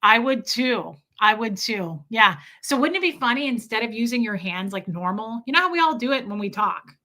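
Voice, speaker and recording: A woman's voice: a little high, lively intonation, moderate pace, bright, forceful tone. A woman chatting casually with viewers on a live stream, laughing often and greeting people by name.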